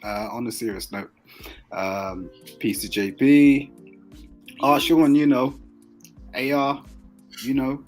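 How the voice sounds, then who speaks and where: A man's voice: medium pitch, steady tone, takes it slowly, pauses often, soft background music, low-quality recording. A man joining a casual online chat as a guest, talking loosely and laughing often. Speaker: guest caller.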